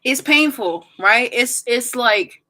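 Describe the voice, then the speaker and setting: Young woman livestreamer, chatty and bright-toned, reading comments to viewers. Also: a little high, animated, takes it slowly. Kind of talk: casual livestream chat.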